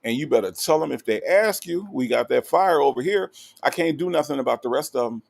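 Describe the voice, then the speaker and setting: Male livestream host, joking and animated, chatty comment-reading delivery. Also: a little high, normal speed, vocal fry. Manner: animated, playful, with lots of "okay?" tags and fillers.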